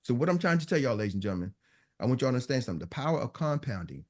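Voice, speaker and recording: A man's voice: medium pitch, sing-song, racing. A man giving a business coach's motivational talk to a live online audience, emphatic and preachy, hammering his points home through repetition. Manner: emphatic, preachy, repeats punchlines.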